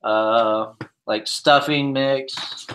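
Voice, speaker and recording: Slow-talking man hosting a casual stream. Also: medium pitch, a little hiss or hum. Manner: relaxed, rambling, with lots of fillers. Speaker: livestream host. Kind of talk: casual chat, showing his kitchen pantry on stream.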